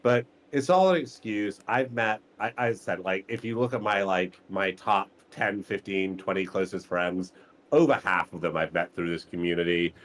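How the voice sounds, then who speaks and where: A man speaking as a guest in a casual interview, relaxed and rambling with many "you know" fillers. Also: low-pitched, moderate pace.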